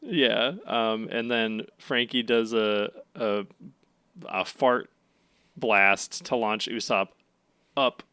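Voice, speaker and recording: A man's voice: fairly low pitch, fairly even intonation, slow pace, bright, forceful tone, clear, resonant tone, no room sound. A young man co-hosting a podcast, chatting casually with lots of fillers and frequent laughter. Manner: laughs often, loose and rambling with many fillers. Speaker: podcast co-host. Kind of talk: casual chat recapping an anime.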